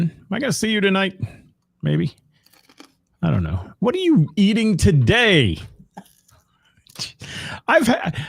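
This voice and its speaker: Middle-aged guy from ohio, husky, swoops up and down a lot, casual storytelling on a home stream. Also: on the high side, no room sound, studio quality. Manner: chatty storyteller greeting viewers by name. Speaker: co-host of a live-streamed talk show. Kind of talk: casual chat.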